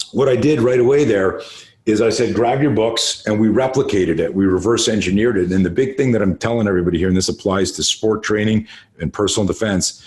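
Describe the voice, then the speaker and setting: A man in his late fifties with a fairly low voice talks as a podcast guest. He tells stories in a casual, animated way, leaning hard on key words and swearing freely as he explains martial arts training. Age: late 50s. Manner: animated, emphatic storyteller who swears freely. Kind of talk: casual storytelling interview.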